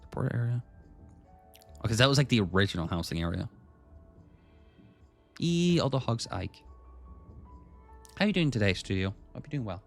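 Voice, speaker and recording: A male streamer talks casually to his chat while playing, greeting viewers by name and musing over quests. His pitch moves a lot, and faint music plays under his voice. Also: expressive, normal speed, vocal fry, pauses often. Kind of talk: casual game streaming, reading game text aloud.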